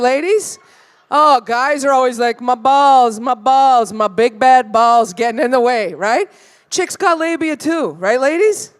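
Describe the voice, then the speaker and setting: A brash young woman from the Toronto area working a live stand-up crowd. She rambles through crude stories, swears freely and tosses "right?" at the audience after almost every line. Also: high-pitched. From Toronto area, Canada. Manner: brash, profane, rambling storytelling with frequent "right?". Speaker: stand-up comedian. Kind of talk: stand-up comedy set. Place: live comedy venue with audience.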